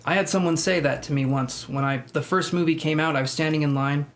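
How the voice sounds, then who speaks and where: A man's voice: on the high side, brisk. A man hosting a live tarot stream, chatting casually and joking as he reads out viewer comments. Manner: chatty, jokey, laughs often. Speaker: tarot livestream host. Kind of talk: casual livestream chat, reading viewer comments.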